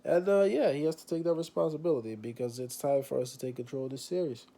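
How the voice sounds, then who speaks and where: A man's voice: a little high, fairly even intonation, fast talker, vocal fry, mellow. A young man with a cold and a stuffed-up voice, talking casually to camera about his basketball team. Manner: laid-back, repeats "you know what I'm saying". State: congested from a cold. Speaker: basketball fan vlogger. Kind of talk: casual fan commentary to camera.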